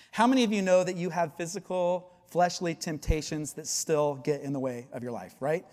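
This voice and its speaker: A man's voice: fairly high pitch, moderate pace, hardly any pauses, darkish tone, big-room sound. A male pastor delivering a sermon, earnest and often asking the congregation questions.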